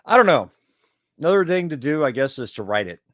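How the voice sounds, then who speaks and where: A man chats on a writing podcast with a very lively, swooping delivery. He laughs often and swears casually. The sound is dry and close, with no room around him. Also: fairly high pitch, a little fast, no echo. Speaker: podcast co-host; writer. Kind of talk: casual chat.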